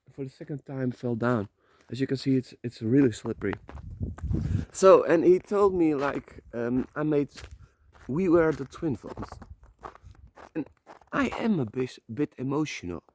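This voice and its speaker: A man's voice: fairly high pitch, lively intonation, a little slow, a little mellow, a little hiss or hum. A man from the Netherlands, walking outdoors and talking into his phone in a rambling, heartfelt monologue, swearing casually as he goes. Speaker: vlogger. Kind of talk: emotional motivational monologue. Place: outdoors, walking on a slippery path.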